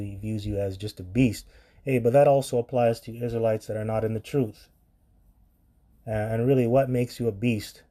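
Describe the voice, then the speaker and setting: A man's voice: medium pitch, mellow. A man preaching on scripture in a blunt, profane commentary style, reading verses aloud and reacting to them.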